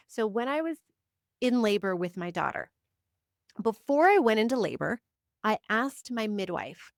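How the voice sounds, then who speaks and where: This psychic reader and spiritual teacher speaks casually to camera in a personal monologue. Her mid-range voice is slightly bright, clear and resonant, captured as clean studio sound with no room noise. She is chatty, leans on "like" a lot, and stacks short emphatic affirmations between asides.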